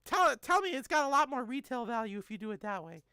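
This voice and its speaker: A woman's voice: fairly high pitch, big pitch swings, fast talker, pushed and bright, clean tone, no echo. A woman in her thirties streaming live, chatting casually and joking as she answers chat messages.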